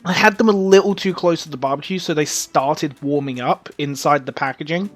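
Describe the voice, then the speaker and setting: A man's voice: on the high side, a little fast, soft background music. A man co-hosting a podcast, joking wryly in casual chat.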